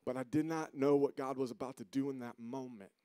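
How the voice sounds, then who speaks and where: A man in his thirties giving a sermon as a guest speaker, telling a personal story with emotion, dropping to a hush and then rising to loud, pleading questions. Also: mid-range voice, fairly even intonation, a little fast, clear, resonant tone, no room sound, clean studio sound. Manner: emotional, swings from hushed to loud. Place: church auditorium.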